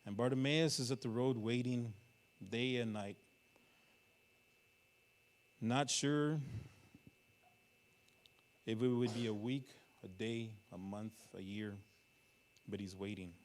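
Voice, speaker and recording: A male preacher in a church, delivering a sermon in a mid-range voice. He tells the story dramatically, jumping between near-shouts and hushed, slowed passages. He keeps stopping to put questions to his listeners. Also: mid-range voice. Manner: asks the congregation questions. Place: church sanctuary.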